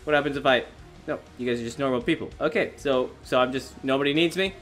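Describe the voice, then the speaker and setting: A young man giving excitable, self-mocking gameplay commentary as a gaming YouTuber, often laughing at himself. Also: medium pitch, fast talker, soft background music.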